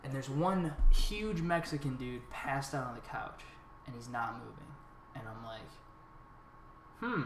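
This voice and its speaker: A man co-hosting a podcast, telling an animated story in casual chat, swearing freely and acting out what others said. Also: mid-range voice, measured pace, pauses often. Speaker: podcast co-host. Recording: echoey room, faint noise.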